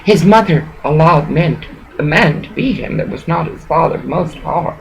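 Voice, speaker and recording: A woman's voice: low voice, animated, moderate pace, vocal fry, slight background noise, rough recording. A woman talking to camera in a rambling, agitated, emotional monologue, swearing often and jumping from one thought to the next.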